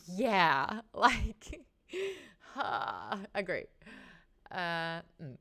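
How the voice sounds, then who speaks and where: A woman hosting a casual book discussion, chatty and animated, swearing freely and laughing often. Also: lowish voice, slow pace, pauses often. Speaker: host.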